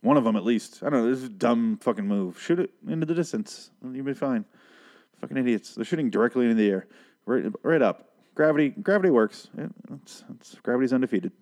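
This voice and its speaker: A man's voice: medium pitch, expressive, fairly quick, darkish tone. A man recapping a TV episode in a casual, profane rant, sarcastic and exasperated. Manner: ranting, sarcastic, heavy swearing.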